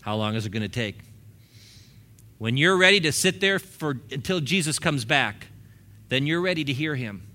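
A man's voice: mid-range voice, lively intonation, moderate pace, long pauses, pushed and bright. A man in his fifties, a pastor preaching a sermon in a church in a casual, conversational way, acting out little quoted exchanges. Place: church sanctuary.

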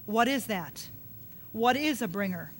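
A woman's voice: on the high side, animated, a little slow, a little hiss or hum. A woman preaching a sermon, emphatic and repetitive, often putting questions to her listeners.

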